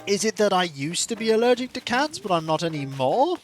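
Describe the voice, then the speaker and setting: A man streaming a game and chatting casually in a rambling, animated way. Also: sits high, brisk, soft background music. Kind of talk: casual chat while gaming.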